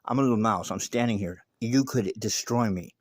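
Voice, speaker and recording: A man doing a calm little street-wise mouse. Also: lowish voice, moderate pace, no room sound, clean studio sound, close to an everyday voice. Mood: calm, reassuring. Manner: soothing, street-casual talk.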